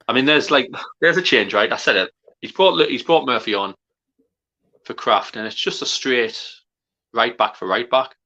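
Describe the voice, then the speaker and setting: A man co-hosting a live football watchalong, sweary and excitable. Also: mid-range voice, takes it slowly, long pauses, lo-fi sound. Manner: sweary, excitable, shouts at goals. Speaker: fan co-host.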